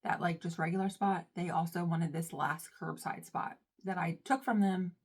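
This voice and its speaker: Young woman, storytime vlogger, casual chat, dramatic, self-mocking, loud bursts and whispery asides. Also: lowish voice, fairly even intonation, normal speed, husky. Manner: chatty and dramatic, swinging from loud outbursts to hushed, whispery asides.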